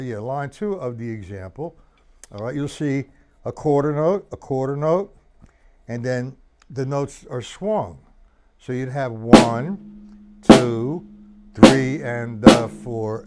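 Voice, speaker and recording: On a live stream, a man with a mid-range voice teaches a drum lesson. He loudly calls out strokes and counts, chatting casually with a student in between.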